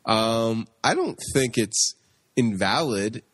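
A man from Long Island talks casually as a podcast co-host, his voice at an ordinary middle pitch. He stumbles and repeats words as he gathers his thoughts. The sound is dry and close to the mic. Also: expressive, takes it slowly, a bit bright, no room sound. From Long Island, New York. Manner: stammering, repeats words often. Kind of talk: casual chat.

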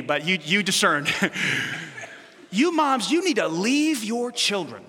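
Male pastor, high bright voice, chatty and playful sermon, big hall reverb. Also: sing-song, unhurried, pauses often, slight background noise. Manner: conversational, playful preaching with asides and self-correction. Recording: long reverb of a large hall.

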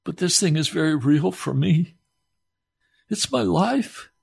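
A man's voice: on the high side, lively intonation, slow pace, vocal fry, husky. A man preaching an emotional sermon, pleading and close to tears. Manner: impassioned, pleading, near tears.

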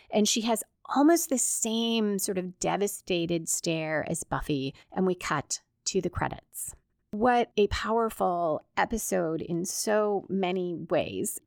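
A woman hosting a podcast, describing and analyzing a TV episode scene by scene in a measured, detailed way. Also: medium pitch, no room sound, studio quality. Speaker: podcast host.

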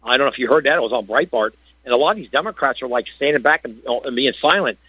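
Male phone-in caller, rapid and rambling, husky, dull line. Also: medium pitch, sharp tone, no room sound. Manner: fast, rambling, repeats the host's name.

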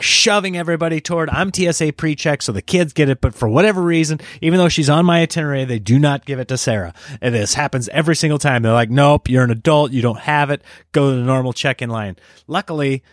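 Animated man telling a travel story. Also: no room sound, studio quality. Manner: animated, acts out other people's lines in high voices. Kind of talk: casual anecdote.

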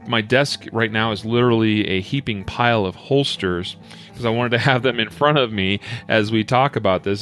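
A man's voice: on the low side, a bit bright. A man hosting a podcast in a casual, folksy way, rambling with many fillers and restarts. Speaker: podcast host.

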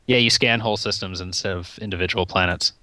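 A man's voice: low voice, fairly even intonation, fast, sharp tone, no echo. A man co-hosts a gaming podcast and makes wry jokes. His voice is dry and close, with no room sound. He talks in an easy, conversational way. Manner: wry, jokey. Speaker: podcast co-host. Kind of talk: casual podcast chat.

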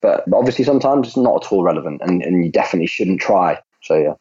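A man's voice: deep voice, animated, fast talker, mellow, slightly rough. A man, a maths teacher, chatting casually in an interview and telling classroom stories. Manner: chatty, lots of "like", acts out classroom quotes. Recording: muffled lo-fi audio.

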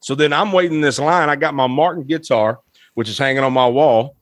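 A musician guest telling an animated, emotional anecdote, laughing often as he talks. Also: medium pitch, brisk, dry recording, studio quality. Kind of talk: storytelling anecdote.

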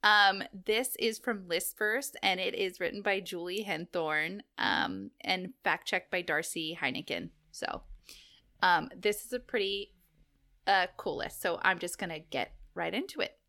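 Giggly podcast lady with a bright voice, chatting and reading a list. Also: lowish voice, lively intonation, measured pace. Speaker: podcast co-host. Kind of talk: casual chat and reading a list.

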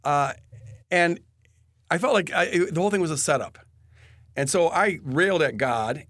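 A man telling a personal faith story in an earnest, halting way, often restarting his sentences. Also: medium pitch, fairly bright tone, no echo, studio quality. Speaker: guest telling his testimony.

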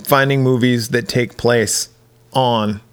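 A man's voice: mid-range voice, steady tone, slow pace, clear, resonant tone. Laid-back man hosting a podcast. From United States. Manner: laid-back, laughs often, swears casually. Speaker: podcast host. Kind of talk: casual chat.

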